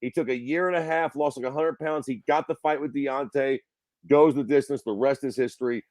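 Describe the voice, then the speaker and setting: A man co-hosting a combat sports podcast, talking in a profane, excitable and emphatic way. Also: medium pitch, fairly quick, no echo. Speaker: podcast co-host. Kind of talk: casual chat.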